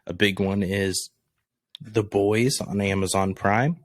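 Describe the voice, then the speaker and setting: A man's voice: lowish voice, steady tone, slow pace, dry recording. A man co-hosting a podcast in casual chat, blunt and profane, laughing often. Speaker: podcast co-host.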